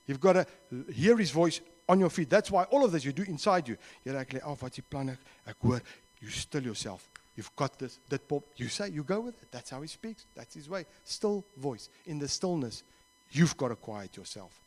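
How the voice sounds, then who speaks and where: A man's voice: fairly high pitch, sing-song, normal speed, darkish tone. A man with a South African accent preaching a sermon in church and leading a closing prayer, speaking earnestly and acting out little conversations. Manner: earnest, acts out little dialogues, slips into Afrikaans phrases. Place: church service.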